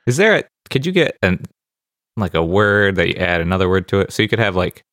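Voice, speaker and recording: A man's voice: deep voice, very animated, fairly quick, fairly bright tone, no echo, clean studio sound. A man co-hosting a podcast, rambling with lots of "like" and cracking jokes in a casual chat. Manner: rambling, filler-heavy jokes.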